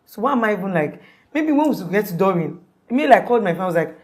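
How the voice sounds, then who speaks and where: A woman's voice: medium pitch, big pitch swings, very fast. A young woman telling, as a witness, the story of a frightening night, rambling and restarting, and acting out what others said. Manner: acts out quoted voices, rambling with many restarts. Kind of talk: emotional storytelling in an interview.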